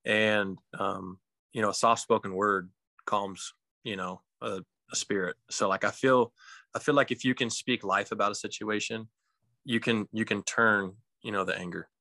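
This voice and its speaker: Bright-voiced, reflective male guest. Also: lowish voice, steady tone, normal speed, no room sound. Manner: reflective, searches for words and rephrases. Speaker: guest, professional pitcher. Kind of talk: casual podcast conversation.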